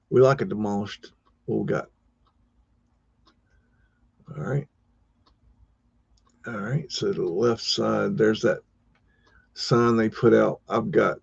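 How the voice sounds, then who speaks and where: A man's voice: lowish voice, vocal fry, a little mellow, breathy edge, no echo. Laid-back rambling man on a live stream. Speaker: host. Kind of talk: casual live commentary on old photos. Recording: dull, dry lo-fi sound.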